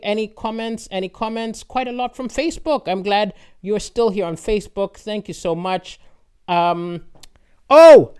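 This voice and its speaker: High-voiced chatty male comedian. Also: clean tone. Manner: chatty storyteller, rising to excited emphasis. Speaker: comedian hosting a live stream. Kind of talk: stand-up comedy answering viewer comments. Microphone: streaming microphone with adjustable levels.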